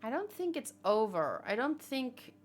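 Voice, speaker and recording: A woman hosting a manga read-along, giving chatty and excitable commentary and swearing casually. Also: fairly high pitch, measured pace.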